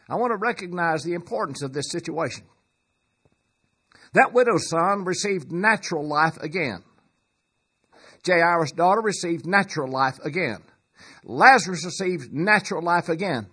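A man preaching a sermon, slow and measured, swelling to loud emphatic peaks. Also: on the high side, expressive, slightly rough.

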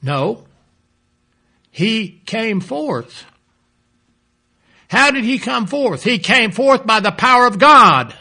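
A man preaching a sermon, emphatic, repeating key phrases and dropping low and soft toward the close. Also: big pitch swings, slow, pauses often.

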